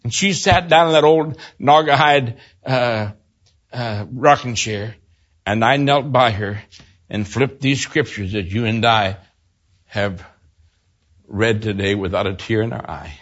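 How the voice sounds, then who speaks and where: An older man preaching a sermon, telling a personal story and swinging from loud exclaims to hushed low storytelling. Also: measured pace, lo-fi sound.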